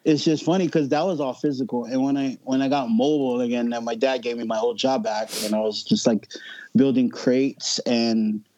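A man's voice: mid-range voice, steady tone, moderate pace, mellow, dry recording, highs cut off. A man telling a personal story as a podcast guest, casual and profane, often laughing as he talks.

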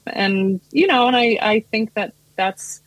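A woman's voice: mid-range voice, unhurried, dry recording. An American woman in her thirties, a wine professional chatting casually in a podcast interview, with lots of fillers and restarts. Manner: chatty, many fillers and restarts, laughs often. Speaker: sommelier and wine importer, guest.

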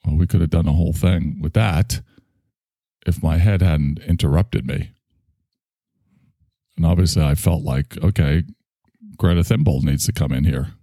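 A man's voice: a bass voice, moderate pace, pauses often, warm tone, no echo, studio quality. A man hosting a stream, talking in a rambling, self-reflective way and swearing freely. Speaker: stream host. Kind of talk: casual monologue to an online audience.

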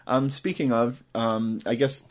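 A man co-hosting a casual podcast chat, tossing in quick jokes and laughing often. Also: mid-range voice, steady tone. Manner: joking, quick asides, frequent laughter. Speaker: podcast co-host.

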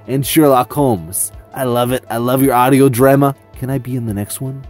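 A man playing a brash, over-eager radio DJ who talks in a pushy, rapid-fire way in a podcast promo. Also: mid-range voice, steady tone, darkish tone, faint music behind, natural voice. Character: brash hyped-up male radio DJ. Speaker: promo DJ character.

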